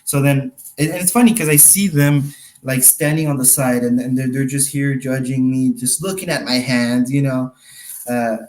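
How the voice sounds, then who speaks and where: A man's voice: medium pitch, steady tone, normal speed, darkish tone, poor audio. A young adult man, a magician guest on a casual podcast, rambling through anecdotes, laughing often and acting out what others said. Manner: rambling storyteller, laughs often, acts out quotes.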